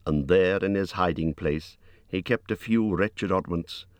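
A man reading a storybook aloud in a measured narrating voice, lifting his pitch for the hero's lines. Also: no room sound. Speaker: audiobook narrator.

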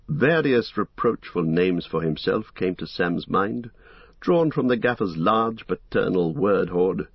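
Deep, husky male storyteller. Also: no room sound. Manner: expressive, dramatic storytelling. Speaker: audiobook narrator. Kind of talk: scripted narration. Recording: dull lo-fi dry recording.

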